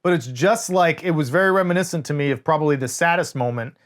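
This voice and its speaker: Animated swearing man reviewing a movie. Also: fairly high pitch, fast talker. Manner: animated, swears often, quotes scenes in voices. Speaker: podcast co-host. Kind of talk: casual movie review chat.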